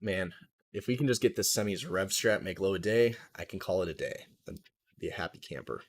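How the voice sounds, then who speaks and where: A young man hosting a live trading stream, talking casually through charts in a relaxed, jargon-heavy, think-aloud way. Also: low-pitched, brisk. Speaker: trading livestream host. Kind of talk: casual live market commentary.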